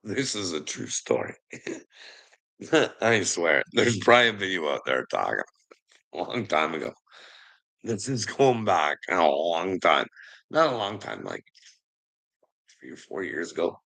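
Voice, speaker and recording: A man in a profane, emotional rant who swears constantly, laughs between lines and swings from low muttering to shouting. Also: very animated, measured pace, creaky, pauses often, low-quality recording.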